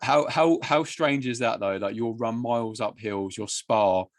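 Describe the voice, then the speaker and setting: A man's voice: medium pitch, unhurried, dry recording. A male podcast host with an ordinary, mid-range voice. The sound is dry and close. He keeps up easy, matey banter, teasing his guest between questions. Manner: friendly banter, calls guest mate. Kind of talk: casual podcast chat.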